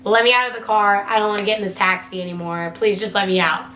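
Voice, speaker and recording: A woman's voice: medium pitch, fast talker, bright, forceful tone, a little hiss or hum, voice pushed down, natural voice. A young woman voicing her panicked teenage friend, pleading frantically. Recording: roomy echo.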